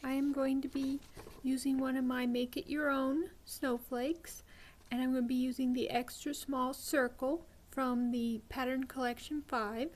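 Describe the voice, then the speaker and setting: A woman hosting a beading tutorial, explaining each step patiently with frequent ums and pauses. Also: sits high, little pitch movement.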